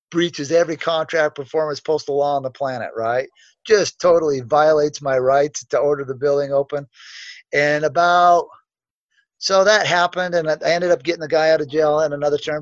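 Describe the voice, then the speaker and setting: A man's voice: a little high, no room sound. A man telling a long story in casual conversation, rambling and self-assured, with many restarts and asides. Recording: dull, dry, lo-fi sound.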